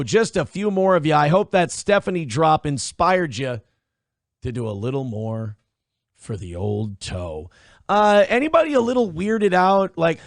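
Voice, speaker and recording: A man's voice: no echo, clean studio sound. Hyped man hosting a livestream. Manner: swings between hyped and muttering low. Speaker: livestream host. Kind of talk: casual livestream chat reading donations.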